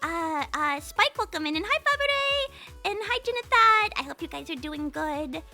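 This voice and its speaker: A woman's voice: very high voice, expressive, moderate pace, pushed and bright, faint music behind. A young woman VTuber chatting casually with her stream chat, rambling and playful with many fillers.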